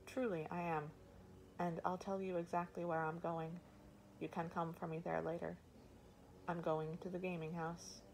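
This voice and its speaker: A woman's voice: lowish voice, level tone, moderate pace, creaky, a little hiss or hum, rough recording. A woman reading the part of a desperate young prince, urgent and pleading, in an audiobook.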